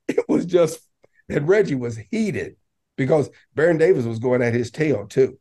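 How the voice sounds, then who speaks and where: A man talking casually as a podcast guest, telling lively stories and breaking into raised voices to act out what others said. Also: on the high side, normal speed. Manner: animated, laughing, acts out quotes in raised voice. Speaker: podcast guest, basketball coach. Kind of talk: casual storytelling.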